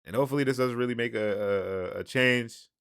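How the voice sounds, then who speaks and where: A man's voice: medium pitch, a little fast, vocal fry, a bit bright, clean tone, no room sound, studio quality. A man reacting to a video in casual commentary, laid-back and slangy, calling everyone "bro". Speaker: reaction channel host.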